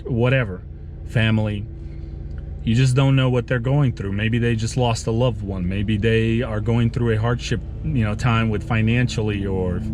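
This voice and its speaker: A man telling a sad story from his work in a vlog while driving, speaking haltingly with many restarts. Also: fairly low pitch, darkish tone, a little hiss or hum. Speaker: lawn care business owner vlogging.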